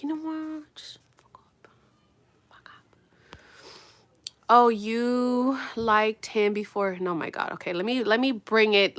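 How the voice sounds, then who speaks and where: A young woman vlogging while getting ready, talking bluntly and with lots of swearing, swinging between loud outbursts and low mutters. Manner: animated, blunt and profane, drops to mutters. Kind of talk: casual get-ready-with-me rant.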